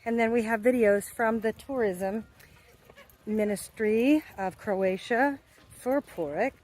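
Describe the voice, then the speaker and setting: A woman's voice: on the high side, slow, darkish tone, low-quality recording. A woman from the United States, chatting cheerfully to viewers as she films a travel vlog outdoors. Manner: chatty, upbeat, speaks to viewers. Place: outdoors by the sea.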